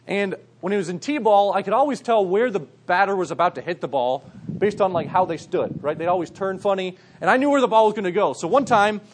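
A man's voice: high voice, a little fast, husky. A young man preaching a casual sermon to young people, telling stories with lots of "like" and "right". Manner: conversational, uses stories and fillers like "like" and "right". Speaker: youth pastor.

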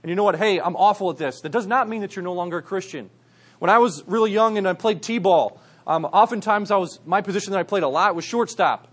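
Husky-voiced young man preaching casually. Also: high voice, fast, a bit bright. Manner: conversational, uses stories and fillers like "like" and "right". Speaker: youth pastor. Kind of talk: casual sermon to young people.

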